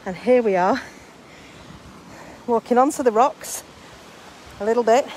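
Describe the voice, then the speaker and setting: A woman's voice: on the high side, measured pace, darkish tone. A woman chatting on a live-stream while walking along coastal rocks, laughing often. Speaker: vlogger livestreaming a coastal walk. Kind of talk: casual live-stream walk chat. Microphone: phone held while walking. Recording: light outdoor background noise.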